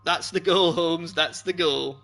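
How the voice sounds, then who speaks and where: Young Scottish streamer, fairly high, gravelly voice, loose rambling chat to viewers. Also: male voice, steady tone, measured pace, fairly bright tone. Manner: rambling, loose and laughing often, chatting to viewers. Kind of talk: casual chat while streaming a game.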